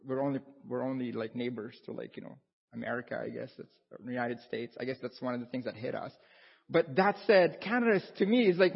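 Husky-voiced pastor in a reverberant hall. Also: male voice, high voice. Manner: chatty, repeats himself, asks the congregation questions. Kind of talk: conversational sermon. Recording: dull sound with long hall reverb.

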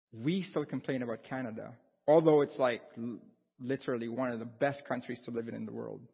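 A man's voice: mid-range voice, breathy edge. A man preaching a casual, conversational sermon, repeating himself and asking his congregation questions. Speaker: pastor. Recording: dull sound with long hall reverb.

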